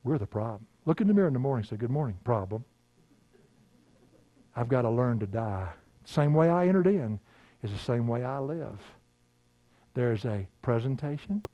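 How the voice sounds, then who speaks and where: Folksy older preacher. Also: male voice, medium pitch, expressive, fairly quick, dry recording, muffled recording. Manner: folksy storytelling, laughing, swings from loud to hushed. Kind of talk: sermon with personal stories.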